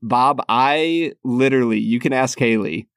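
A man co-hosting a podcast, talking in a teasing, deliberate way with bursts of laughter. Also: mid-range voice, clean tone, dry recording, clean studio sound. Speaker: podcast co-host. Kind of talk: casual chat.

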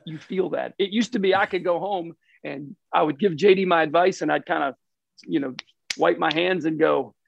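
A man's voice: fairly high pitch, moderate pace, creaky, a little hiss or hum. A man talking earnestly and reflectively as a guest in a casual interview, often repeating himself as he thinks. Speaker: racing team president, guest. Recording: dull lo-fi recording.

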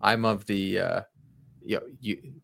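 A man's voice: lowish voice, vocal fry, dry recording. A man from Canada hosting a casual podcast chat, laughing often and restarting his sentences. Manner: laughing, animated, halting restarts.

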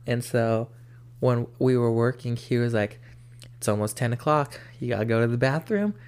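Halting young man in casual chat. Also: mid-range voice, darkish tone, smooth. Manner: halting, many fillers and restarts. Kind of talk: casual chat between friends.

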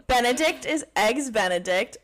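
A woman's voice: a little high, animated, moderate pace, a bit bright. A woman co-hosting a podcast in casual chat, giggling and recapping the episode. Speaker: podcast co-host.

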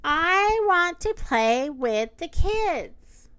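A woman's voice: high-pitched, takes it slowly, full character voice. A woman voicing an eager, playful female puppy who barks and thinks aloud in a storybook. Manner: excited barks and inner thoughts.

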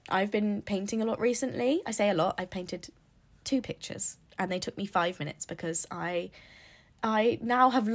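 A woman's voice: mid-range voice, creaky. A woman hosting a casual solo podcast, chatty and rambling, laughing at her own slips. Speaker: podcast host.

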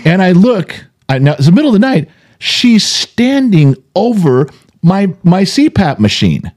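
An older man co-hosts a podcast with a high-pitched voice and a measured pace. In casual chat he tells animated stories, acting out the voices of the people in them.

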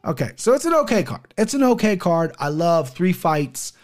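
A man's voice: sits high, very animated, normal speed. A man hosting his own podcast in casual solo chat, rambling, swearing freely and stumbling over names. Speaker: podcast host.

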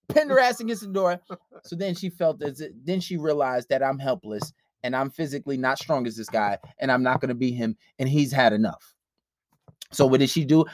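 Animated, profane New man. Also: a little high, fairly quick, dry recording, clean studio sound. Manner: profane, animated storytelling with acted-out quotes. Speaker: podcast host. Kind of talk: casual podcast storytelling.

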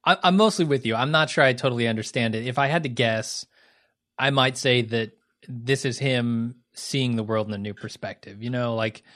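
A man co-hosting a casual film chat, measured and thinking aloud with fillers. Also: medium pitch, fairly bright tone. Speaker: podcast co-host.

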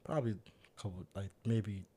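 Young male co-host, low voice, relaxed slangy chat. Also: moderate pace, breathy edge. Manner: laid-back slangy talk, says bro a lot. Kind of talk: casual chat.

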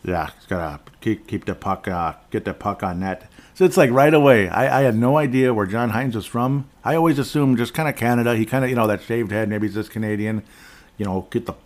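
Low-voiced rambling middle-aged man. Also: brisk, hardly any pauses. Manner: rambling, digressive, jokey; clears throat often. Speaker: podcast host. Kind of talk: casual solo sports talk.

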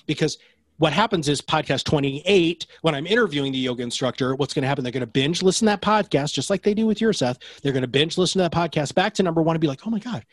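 Upbeat male guest pitching his podcast business, slightly high voice, dry mic. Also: lively intonation, no room sound. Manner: fast, enthusiastic, salesy. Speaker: podcast production company owner. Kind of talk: energetic interview answers.

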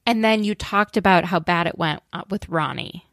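A woman co-hosting a podcast, reacting with quick interjections in casual chat. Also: fairly low pitch, fairly bright tone, no room sound, studio quality.

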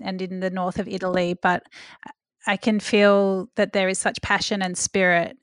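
A woman's voice: medium pitch, fairly bright tone, no room sound, studio quality. A woman hosting a podcast interview, effusive and a little poetic. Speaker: podcast host.

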